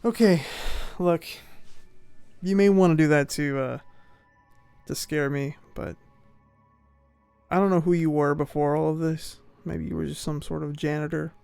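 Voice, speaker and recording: A man speaks as a player in a tabletop game. His voice is smooth and slightly higher than usual, close and dry, with faint music behind him. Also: steady tone, a little slow, long pauses, a little mellow, no echo.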